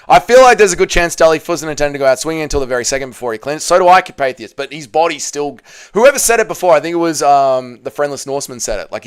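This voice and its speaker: Emotional man, smooth higher voice. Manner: emotional, repeats himself, swears, rises in pitch when upset. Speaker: livestream host reading chat. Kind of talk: casual livestream chat.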